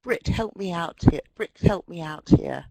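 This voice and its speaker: British woman, webinar presenter, husky voice, very animated pitch, dry close sound. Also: unhurried, no room sound, poor audio. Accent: British English. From Britain. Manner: animated, mimics quoted voices. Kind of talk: lively lecture with acted-out dialogues.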